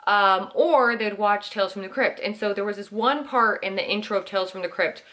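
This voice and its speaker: A woman in her thirties, a vlogger host, speaks fairly quickly in a medium-pitched, slightly bright voice. In a casual Q&A chat she answers questions, says "like" a lot, and acts out quotes as she goes.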